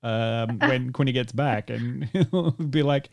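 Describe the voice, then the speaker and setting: A man's voice: medium pitch, slow, vocal fry, hardly any pauses. A man hosting a casual film podcast, joking and laughing as he talks. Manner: animated, joking, trailing off into laughs. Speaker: podcast host. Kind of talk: casual chat.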